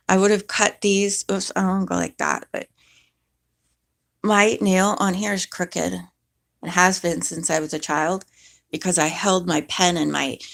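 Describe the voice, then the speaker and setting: A woman's voice: lowish voice, gravelly, a bit bright. A woman vlogger chatting casually and rambling, now and then talking to her cat.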